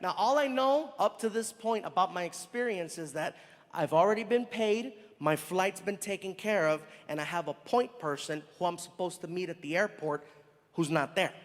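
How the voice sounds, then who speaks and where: Male stand-up comic, high voice, animated storyteller, live in a reverberant hall. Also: normal speed. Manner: animated, conversational, acts out scenes. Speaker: stand-up comedian.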